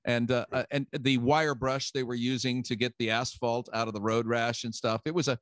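A man's voice: mid-range voice, a little fast, no room sound. A middle-aged man, telling a story in casual chat and acting out the voices of people he quotes. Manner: animated, acts out quotes with laughs. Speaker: guest.

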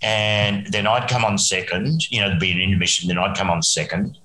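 A man's voice: fairly low pitch, fairly even intonation, a little fast, sharp tone, reverberant, slight background noise, rough recording. An Australian man, a musician guest, rambling through a story and chuckling often. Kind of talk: casual anecdote telling.

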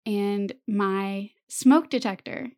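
Speaking slowly in a mellow mid-range voice, this young female podcast co-host shares stories over relaxed chat and laughs frequently.

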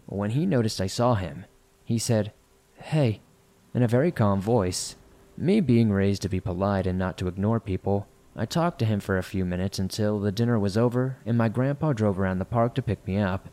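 A man reading listener-submitted horror stories aloud in a measured, somber narration. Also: fairly low pitch, mellow.

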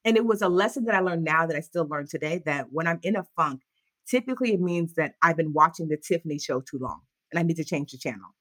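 Woman, thirties, lowish voice, lively storyteller, mimics voices in quotes, dry close sound. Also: fast, no room sound. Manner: animated, acts out quoted voices with big pitch jumps. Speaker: guest. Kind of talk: candid interview storytelling.

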